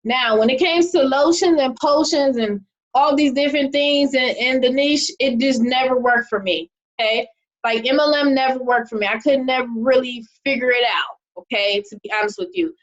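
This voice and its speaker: Speaking at a moderate pace in a high-pitched voice, this young woman presents online marketing material casually on a video call. She's chatty and keeps asking "okay?", and the sound from her video call mic comes through muffled.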